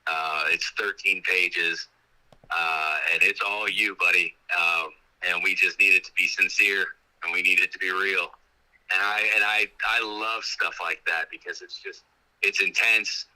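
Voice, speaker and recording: A man's voice: low voice, fairly even intonation, unhurried, pushed and bright, rough recording. A man in casual interview talk, telling rambling stories with many restarts. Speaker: actor guest.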